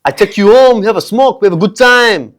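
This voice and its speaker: A man's voice: expressive, fast. A man putting on a playful, exaggerated French accent while talking to a dog. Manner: loud, playful, high-pitched. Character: over-the-top French charmer talking to a dog.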